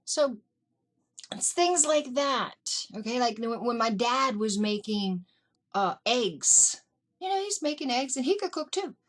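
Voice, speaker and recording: A middle-aged woman vlogger telling family stories in a casual, animated way, acting out what her relatives said. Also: a little high, unhurried. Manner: animated, acts out family members in quotes. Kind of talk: casual storytelling. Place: indoors.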